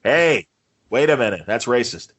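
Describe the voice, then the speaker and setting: A man's voice: medium pitch, expressive, moderate pace, a bit bright, breathy edge. A man co-hosting a podcast, chatting casually and joking about a TV episode, with rambling restarts and fillers. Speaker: podcast co-host. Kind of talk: casual chat reviewing a TV episode.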